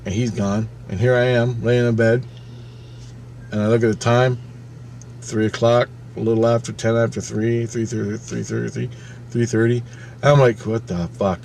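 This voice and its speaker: A man in his fifties narrating a personal experience in a loose, unscripted monologue. He talks at a middle pitch, swears freely, and circles back on his own phrases. A faint hiss sits under his voice. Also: level tone, vocal fry, darkish tone. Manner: profane, emphatic, halting retelling with repeated phrases. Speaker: channel host.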